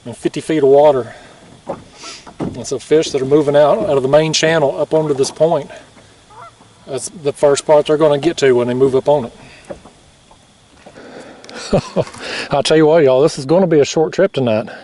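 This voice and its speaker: A man vlogging from a kayak, talking in a casual, excited, folksy way and laughing often. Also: fairly high pitch, normal speed, long pauses, far from the mic, a little hiss or hum. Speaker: fishing vlogger. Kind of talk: casual outdoor vlog narration. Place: kayak on a river at night.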